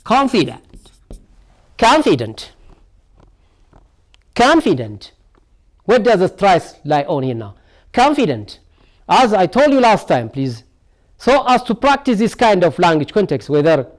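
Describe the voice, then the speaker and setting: A man's voice: high-pitched, darkish tone. A male English teacher with an Ethiopian accent giving a broadcast lesson, repeating words and answering his own questions. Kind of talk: televised classroom lesson.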